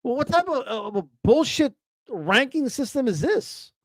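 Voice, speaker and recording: A man's voice: extremely high pitch, sing-song, a little slow, no room sound. A man from Texas ranting profanely about boxing on a casual livestream, stumbling over restarts and fillers and mocking others in quoted voices. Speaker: boxing commentator.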